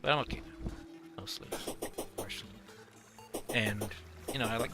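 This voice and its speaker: A man's voice: medium pitch, moderate pace, bright, forceful tone, soft background music. A young man rambling through casual gameplay commentary, telling stories animatedly and laughing as he goes. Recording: noisy home recording.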